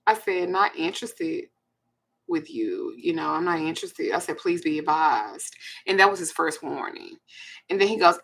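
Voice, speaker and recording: A woman's voice: deep voice, animated, normal speed, husky. A woman with a Southern US accent hosting a casual monologue, blunt and laughing between her stories. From Texas. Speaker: host.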